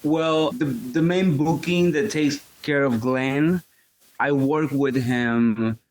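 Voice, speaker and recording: A man drummer as an interview guest, telling the story in a relaxed way. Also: medium pitch, takes it slowly. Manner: relaxed storytelling, light laughs. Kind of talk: casual interview chat.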